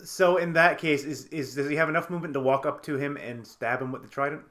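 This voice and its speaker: A man's voice: fairly high pitch, steady tone, fast, a bit bright. A man playing a tabletop game as a player, chatting casually and joking about his character.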